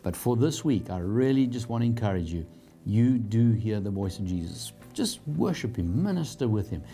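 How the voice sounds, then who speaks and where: A man's voice: on the low side, expressive, normal speed, warm tone, soft background music. A man hosting a televised Bible teaching program, preaching in an earnest, encouraging, conversational way.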